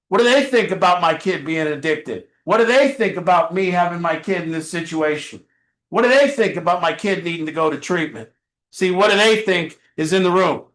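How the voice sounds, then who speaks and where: A man with a high voice gives a motivational talk to a support group, driving his points home with repeated rhetorical questions. His words ring out in an echoey meeting room. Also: a bit bright. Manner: earnest, repetitive preaching cadence with rhetorical questions. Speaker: addiction family support group leader.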